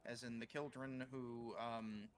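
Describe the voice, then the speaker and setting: A man running a live tabletop game as game master, joking and lively, sometimes trailing off mid-sentence. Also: medium pitch, measured pace, slight background noise. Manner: lively, joking, trails off while searching for words.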